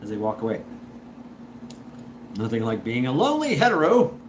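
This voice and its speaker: Chatty man with lively pitch over background noise. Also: moderate pace. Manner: chuckling, stop-start, repeats words. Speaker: livestream host reading chat. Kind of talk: casual rambling livestream talk.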